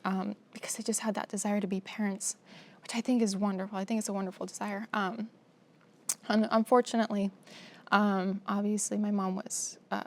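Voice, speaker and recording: A young woman telling her own story as a guest, emotional and halting, with many pauses and fillers. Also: mid-range voice, flat delivery. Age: young adult. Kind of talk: personal testimony in a sit-down conversation.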